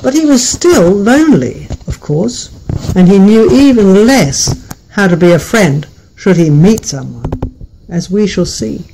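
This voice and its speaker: Gentle high-voiced male storyteller. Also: big pitch swings, creaky, slight background noise, low-quality recording. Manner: gentle, unhurried and playful. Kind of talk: told folk tale.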